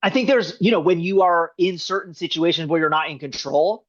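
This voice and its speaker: Man, screenwriter guest, rambling and animated, slightly high pitch, dull lo-fi recording. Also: a little fast. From United States. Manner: rambling, restarts often, animated. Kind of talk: casual interview. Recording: dull lo-fi sound.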